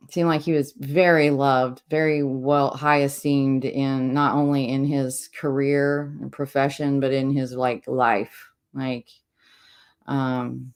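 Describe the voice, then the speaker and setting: A woman's voice: rumbling low, clean tone. A woman hosting a true crime channel, reading out court transcripts and commenting casually, with many fillers, restarts and frequent laughs.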